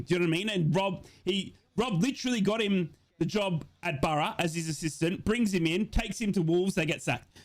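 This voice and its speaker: A man hosts a football watch-along stream, chatting casually and reading viewer messages aloud in a rambling, excitable manner. His voice is high-pitched.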